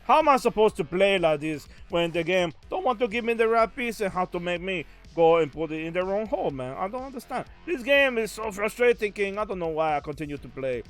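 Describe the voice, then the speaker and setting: A man putting on the voice of a self-pitying male gamer, grumbling loudly about his bad luck. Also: sing-song, a little fast, hardly any pauses, soft background music. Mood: whining. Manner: high, loud mock-whining, calls the host Monsieur.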